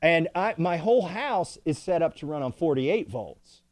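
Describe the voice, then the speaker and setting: A man's voice: a little high, expressive, normal speed, a little mellow, no echo. A man, a congressman and guest, chatting casually and telling stories with frequent laughter. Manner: chatty storyteller, laughs often. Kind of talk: casual chat.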